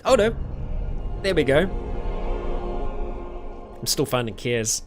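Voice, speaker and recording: British guy streaming, chatty and unhurried, laughs a lot, soft music under him. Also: medium pitch. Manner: chuckles often, answers chat questions in a relaxed, rambling way. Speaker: streamer hosting a monthly Q&A. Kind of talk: casual live-stream chat.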